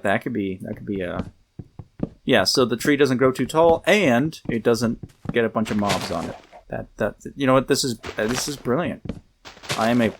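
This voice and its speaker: A talkative man streaming a game, rambling in a lively, bouncy voice that swings up and down as he laughs his way through side stories. His speech wanders and trails off, with a faint hiss of noise under the recording. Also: medium pitch. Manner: rambling, chatty, frequent laughs and trailing asides. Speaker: livestream host playing a game. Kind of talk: casual chat while gaming.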